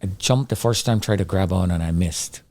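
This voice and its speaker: A middle-aged man giving an intense personal testimony of surviving a disaster, acting out his own pleas and the shouts he heard. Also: sits low, brisk, dry recording. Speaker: survivor telling his story.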